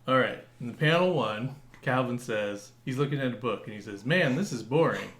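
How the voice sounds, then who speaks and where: A man's voice: medium pitch, a little fast, a bit bright. Rambling man in an echoey room. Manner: meandering, hesitant, with frequent fillers. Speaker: podcast co-host. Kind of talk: casual comedic chat. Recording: roomy echo.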